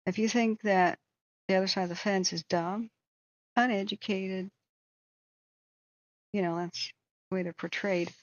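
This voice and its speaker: A woman's voice: medium pitch, fairly even intonation, unhurried, pauses often, highs cut off. A woman who hosts a wildfire tracking channel, giving a blunt, heated commentary rant with swearing.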